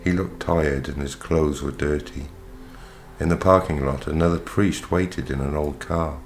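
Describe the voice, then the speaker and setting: A man narrating an audiobook in the first person, with a steady, measured reading. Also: very deep voice. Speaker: audiobook reader. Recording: reading over faint background music.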